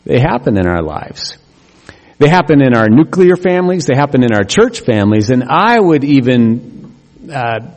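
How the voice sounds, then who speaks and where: Male pastor, conversational sermon with jokes, mid pitch, long hall reverb. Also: a little mellow. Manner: conversational and humorous, with quick asides.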